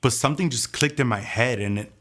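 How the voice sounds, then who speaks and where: A man telling his personal testimony in an earnest, soft-spoken way. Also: medium pitch, brisk. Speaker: testimony speaker.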